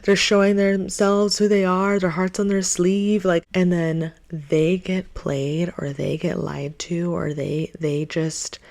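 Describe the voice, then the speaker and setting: A woman talking to her viewers in a heartfelt advice vlog, earnest and animated, repeating phrases for emphasis. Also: on the low side, slow, vocal fry, hardly any pauses. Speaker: relationship advice vlogger.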